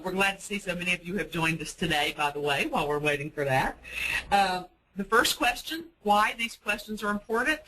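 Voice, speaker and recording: A woman's voice: mid-range voice, bright, forceful tone, poor audio. A woman giving a sales-training webinar for self-storage managers, speaking in a practical, coaching way with frequent fillers. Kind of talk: webinar presentation.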